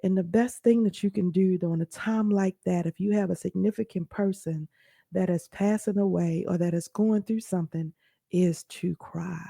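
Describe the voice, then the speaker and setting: A woman's voice: fairly low pitch, fairly even intonation, moderate pace, gravelly, warm tone, no room sound, clean studio sound. A woman hosting a radio-style talk show, telling a personal story and teaching her listeners in an earnest, conversational way. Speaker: podcast host.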